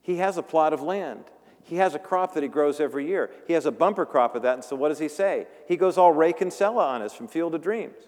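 A man's voice: fairly high pitch, animated, fast, a little mellow. A male pastor giving a conversational sermon, joking and acting out the voices in the story. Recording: long reverb of a large room.

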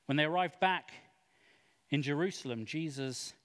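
A man giving an expressive, dramatic Bible reading. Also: on the high side, moderate pace. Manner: expressive, acts out quoted speech. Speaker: scripture reader. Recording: long hall reverb.

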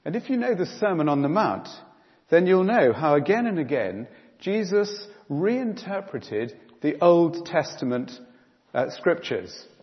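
A man preaching a sermon in church, emphatic and animated, with frequent fillers. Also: a little high, a little slow. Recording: dull sound in a reverberant hall.

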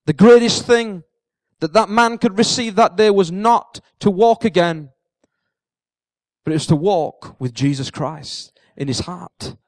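A man with a very high voice preaches a lively sermon and tells the story vividly, acting out what the characters say and repeating key lines for emphasis. The sound is dry and close, with no room echo. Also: measured pace. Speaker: pastor.

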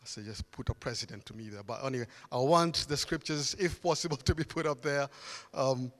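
A man's voice: mid-range voice, fairly quick, fairly bright tone. A man preaching a sermon in earnest tones, building emphasis through repeated phrases. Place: church hall. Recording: long hall reverb.

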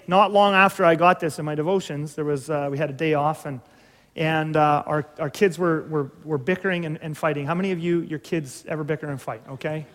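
A middle-aged man preaching a sermon, telling a story in a conversational, humorous way with many restarts. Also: fairly high pitch. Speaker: pastor. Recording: reverberant hall.

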